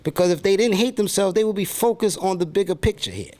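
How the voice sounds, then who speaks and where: A man with a New York accent voicing a bitter, boastful male rapper persona who curses and brags loudly. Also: high voice, quick pace, pitched above the performer's own voice, lightly acted. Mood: mocking. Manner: brash, cursing, boastful.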